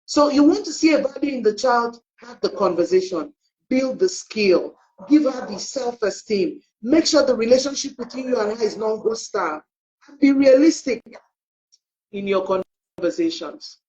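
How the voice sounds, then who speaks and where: On a live online talk, a middle-aged woman who coaches parents shares family anecdotes at a moderate pace in a somewhat high voice. She performs each line of dialogue with lively flair, though the recording sounds flat and lo-fi.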